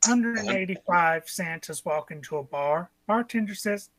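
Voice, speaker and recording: A woman performing in an online improv show, delivering quick joke punchlines playfully over a video call. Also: medium pitch, lively intonation, fairly bright tone, no room sound.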